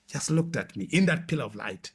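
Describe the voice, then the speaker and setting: A man earnestly telling his personal testimony in a halting way, restarting his sentences often. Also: on the high side, lively intonation, gravelly, slightly rough. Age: 20s or older, adult.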